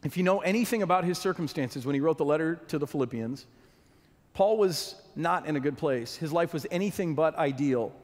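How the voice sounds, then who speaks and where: A man's voice: on the high side, animated, brisk, a little mellow. A man preaching a sermon as a pastor, earnest, often restarting and repeating words as he goes. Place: church hall. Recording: long hall reverb.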